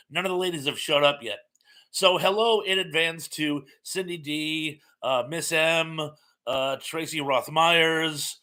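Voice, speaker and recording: A man's voice: fairly high pitch, sharp tone. A man hosting a live stream, chatting casually as he reads out viewer comments in a friendly, rambling way with many fillers.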